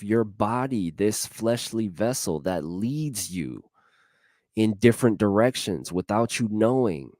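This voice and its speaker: A man with a fairly low voice talks through a motivational message, earnest and a little repetitive. He keeps asking rhetorical questions and speaks straight to his listeners in a folksy way. The sound is close and dry, with no room behind it. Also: darkish tone, dry recording. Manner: addresses listeners directly and folksily. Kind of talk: casual motivational talk.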